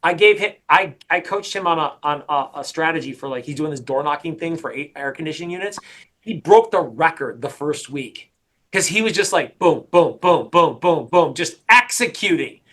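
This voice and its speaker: A middle-aged man coaching a sales team, talking in an energetic, emphatic way and often repeating his points. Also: fairly high pitch, moderate pace. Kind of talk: coaching session.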